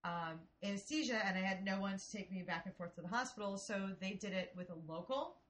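A woman in her forties from Ohio, telling a story in casual, profane, animated chat. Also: medium pitch, brisk, a little hiss or hum. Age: 40s.

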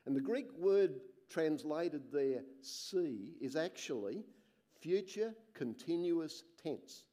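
Here a male preacher recites scripture with slow earnestness, ending his phrases in a low, gentle drop. He pauses between readings for musing asides full of excitement.

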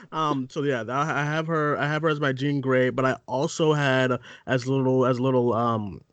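A man's voice: medium pitch, fairly even intonation, moderate pace, dry recording. A man hosting a casual movie podcast, loose and chatty, swearing now and then. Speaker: podcast host. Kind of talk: casual chat.

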